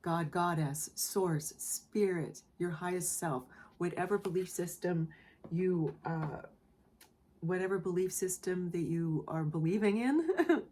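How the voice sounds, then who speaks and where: A woman giving a collective tarot reading in a soft, emotional way, often repeating phrases and checking in with the listener. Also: deep voice, a little hiss or hum. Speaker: tarot reader. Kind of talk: gentle spoken tarot reading.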